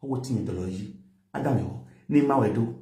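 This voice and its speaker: A man's voice: mid-range voice, brisk, mellow, reverberant. A man with a Nigerian accent, lecturing and scolding in a commentary, mixing pidgin with a local language. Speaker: social media commentator.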